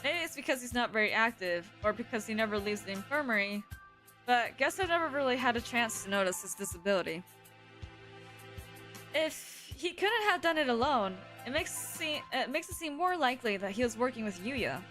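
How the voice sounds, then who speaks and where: A woman's voice: on the high side, animated, moderate pace, a bit bright, soft background music. A woman streaming a visual novel, reading the protagonist and chatting casually between lines. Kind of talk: live visual novel playthrough.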